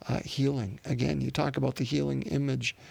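A man's voice: medium pitch, level tone, a little fast, creaky, slightly rough, no echo. A man preaching a sermon off the cuff, with plenty of fillers and restarts. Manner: unscripted, many fillers and restarts.

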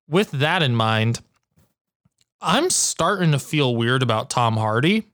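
A man riffing as a podcast co-host, loose and profane, with punchlines that jump up in pitch. His voice is recorded close and dry, with no room around it. He talks in casual, joking bursts. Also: slow, dry recording. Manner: animated, profane, jokey. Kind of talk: casual chat.

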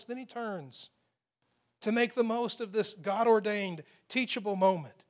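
Male pastor, high-pitched voice, emphatic sermon delivery with hushed quoted lines. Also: normal speed. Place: church with a loud PA system.

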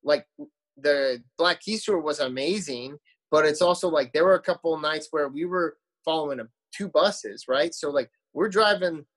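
A man chatting loosely on a podcast about life on tour. He rambles and circles back, full of fillers and restarts, in a slightly higher-than-average voice. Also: moderate pace, a bit bright. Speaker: musician guest. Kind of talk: casual podcast chat.

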